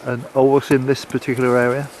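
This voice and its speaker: A man's voice: medium pitch, completely flat delivery, quick pace, a little mellow, a little hiss or hum. A man walking a coastal path and chatting to the camera, hesitant, with many fillers and restarts. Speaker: walking vlogger. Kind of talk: casual chat to camera.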